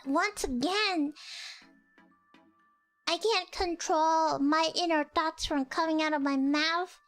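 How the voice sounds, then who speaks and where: A young woman streamer telling a story in casual chat, excitable, exclaiming, and mocking herself. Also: very high voice, slow, soft background music. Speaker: virtual streamer.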